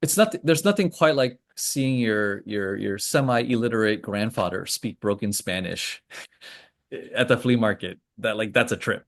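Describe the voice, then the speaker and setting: Rambling gravelly man hosting a trading call. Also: lowish voice, expressive, a little slow. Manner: rambling, joking asides, many fillers. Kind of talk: casual screen-share commentary.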